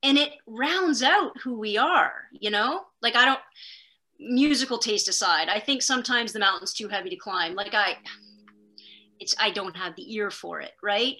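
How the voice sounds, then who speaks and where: Bright, lively middle-aged woman guest. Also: medium pitch. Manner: animated storyteller, talks fast in bursts, self-deprecating. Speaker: podcast guest. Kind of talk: casual conversation.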